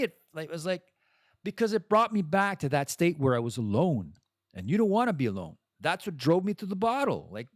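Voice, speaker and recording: A man's voice: sits high, no echo, studio quality. A French-speaking man hosting a podcast, talking candidly and bluntly in a personal monologue and swearing freely. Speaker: podcast host.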